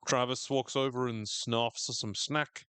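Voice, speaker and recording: A man's voice: medium pitch, takes it slowly, fairly bright tone, clear, resonant tone, no room sound. A man co-hosting a podcast, recapping a show in casual chat and playfully putting on character voices. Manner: jokey, often mimics characters in raised voices. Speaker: podcast co-host.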